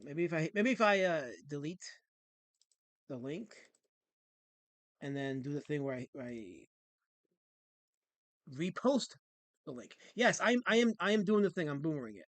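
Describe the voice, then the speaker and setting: A man's voice: a little high, big pitch swings, a little slow, pauses often, a bit bright, no echo. A man hosting a livestream, reading viewer comments out in a sarcastic, mock-offended tone and going off on playful rants. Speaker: livestream host.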